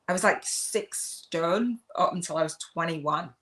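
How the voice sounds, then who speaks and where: Loud, effusive English woman, low voice. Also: a little slow. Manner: loud, effusive, laughs a lot. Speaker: spiritual business coach hosting a daily live. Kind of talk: live video chat.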